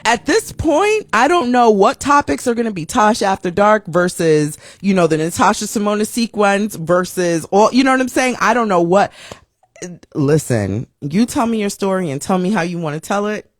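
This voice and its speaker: A woman's voice: mid-range voice, moderate pace, dry recording, clean studio sound. A woman hosting a casual live-stream show, chatting upbeat and reading viewer comments aloud. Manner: upbeat, lively greetings.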